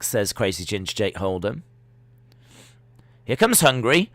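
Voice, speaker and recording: A man hosting a live football watch-along, reading out viewer comments and reacting with loud excitement to the play. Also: medium pitch, slow pace, long pauses, no echo. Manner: reads viewer comments, excitable shouting at goals.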